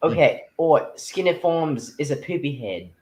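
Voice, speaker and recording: A man's voice: a little high, animated, measured pace, darkish tone, voice pushed up, low-quality recording. A young man putting on a playful fake Australian accent for a livestream bit. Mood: hammy. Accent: mock Australian.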